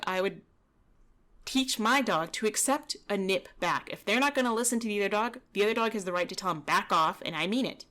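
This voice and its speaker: Woman, dog trainer, mid pitch, relaxed conversational commentary over footage. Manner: relaxed, chatty, explaining with frequent "you know" and "kinda".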